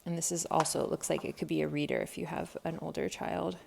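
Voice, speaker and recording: A woman's voice: low-pitched, little pitch movement, fast, gravelly, a little mellow, slight background noise. A woman in her thirties, a homeschool vlogger, chatting casually at home as she thinks aloud with frequent ums. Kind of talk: casual unboxing narration. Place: home, by a table with a tripod camera. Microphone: camera mic on a tripod.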